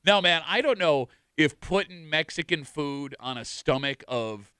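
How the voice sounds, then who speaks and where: A man co-hosting a radio show, joking and bantering with animated energy. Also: on the high side, unhurried, clear, resonant tone, dry recording, clean studio sound. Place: radio studio.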